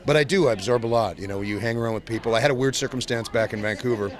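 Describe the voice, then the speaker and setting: At an outdoor convention recording, a male voice actor guest gives an interview at a very fast clip in a medium pitch. He's manic and jumpy, slipping into silly voices mid-sentence.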